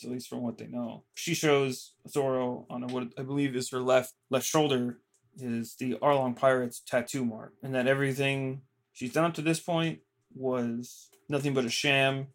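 A man co-hosting a podcast, casually recapping episodes in a loose, rambling way full of fillers and quickly paraphrased quotes. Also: mid-range voice, flat delivery, fairly bright tone. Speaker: podcast co-host.

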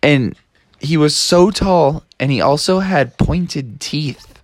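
Male storyteller, playful and animated; bone-dry recording. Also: takes it slowly, dry recording. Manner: animated, playful, breaks into high silly voices and laughs. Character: excitable prankster hero who loves silly songs. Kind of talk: improvised bedtime story.

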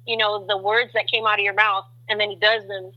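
A woman guest sharing a faith testimony in conversation, an animated storyteller who acts out what people said. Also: mid-range voice, a little fast, lo-fi sound.

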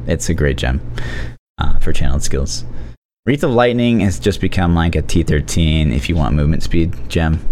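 A man co-hosting a casual gaming podcast, talking in an animated, rambling way with lots of fillers. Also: low voice, slight background noise. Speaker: podcast co-host.

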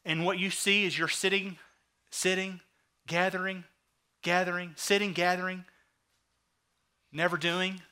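Man, pastor, sermon, high pitch, bright tense tone, acts out characters. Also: clean tone. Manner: animated storytelling, acting out the characters in quick asides.

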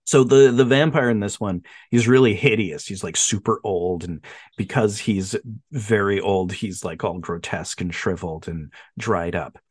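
A man hosting a podcast in casual chat, animated, laughing often and briefly mimicking voices. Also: lowish voice, normal speed, no echo, studio quality. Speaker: podcast host.

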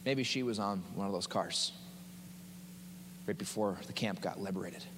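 A man's voice: low-pitched, normal speed, noisy background. Man preaching passionately in a reverberant hall. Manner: impassioned, dramatic preaching with repeated phrases. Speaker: pastor. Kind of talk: sermon.

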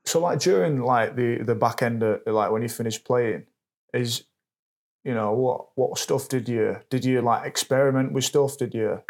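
Male host, mid pitch, casual interviewer, loose meandering questions. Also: normal speed, a little mellow. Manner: loose questions full of fillers and restarts. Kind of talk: casual chat.

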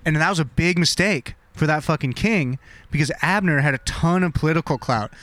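Bright-voiced young man telling a profane story. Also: on the high side, brisk. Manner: slangy, swearing, laughing, acts out characters. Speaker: podcast host retelling a story.

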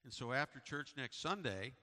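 Long hall reverb surrounds a middle-aged pastor speaking in a church sanctuary, delivering a sermon and church announcements. His medium-pitched voice is expressive with a sharp tone at normal speed, and he tells stories conversationally, repeating himself.

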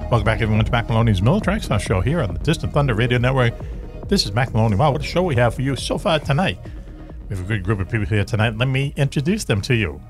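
A man's voice: medium pitch, lively intonation, rapid-fire, soft background music. A man with a Boston accent hosting a radio talk show, joking and rambling with his guest. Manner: jokey, rambling. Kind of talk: casual radio chat.

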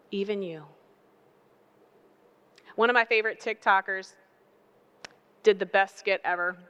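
Bright-voiced woman preaching a sermon. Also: on the low side, clear, resonant tone. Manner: animated storytelling with acted voices; repetitive emphatic phrasing.

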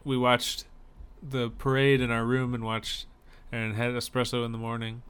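Young guy on a podcast, bright crisp voice, tells stories and does little voices for people. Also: medium pitch, completely flat delivery, normal speed. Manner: storytelling, acts out quoted people. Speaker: podcast co-host. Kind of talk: casual chat.

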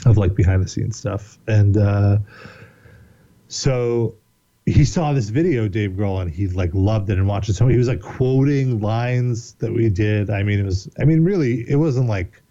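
A man spins a long, rambling story as a podcast guest, animated and quick to swear and laugh. His voice is dark and mellow, and the recording sounds slightly dull. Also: on the low side. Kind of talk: casual storytelling.

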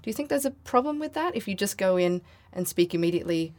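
A woman hosting an interview, asking friendly questions and giving quick affirmations. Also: medium pitch, expressive, a little mellow. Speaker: interview host. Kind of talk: interview conversation.

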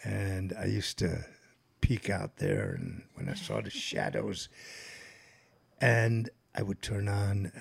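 Gravelly rambling older man. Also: fairly low pitch, very animated, slow pace. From New Jersey, USA. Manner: rambling storyteller, bawdy, laughs easily. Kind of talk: loose casual podcast banter.

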